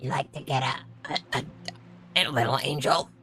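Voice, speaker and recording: A man doing an impression of a frail old woman with a raspy, whispery voice. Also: medium pitch, normal speed, bright, forceful tone, faint music behind, lightly acted. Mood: croaky. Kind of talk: live-stream impression.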